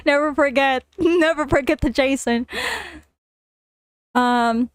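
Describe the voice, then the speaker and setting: A high-pitched woman streamer chats casually and breaks into giggles often, repeating herself as she reacts. Her voice is close and dry, with no room sound around it. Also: sing-song, extremely slow, pauses often, no room sound. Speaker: vtuber streamer. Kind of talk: casual livestream reading and commenting.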